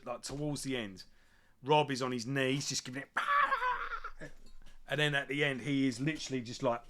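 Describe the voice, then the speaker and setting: Beer in hand, this man hosts a music channel, speaking in a sharp, mid-range voice. The conversation is casual and eager, peppered with fillers and false starts.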